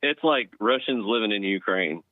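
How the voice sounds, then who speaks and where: A man from North Texas calling in to a talk show, speaking in an unhurried, hesitant way with many pauses. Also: lowish voice, animated, no room sound. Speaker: caller. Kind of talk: casual call-in chat. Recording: tinny phone line.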